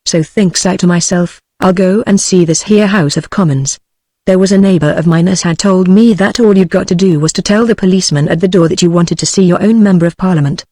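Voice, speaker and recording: A man's voice: high-pitched, no echo, studio quality. A text-to-speech voice with a British English accent reading the lines of a shy, rustic middle-aged male farmer in an audiobook. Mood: chatty. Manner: even, unhurried text-to-speech delivery.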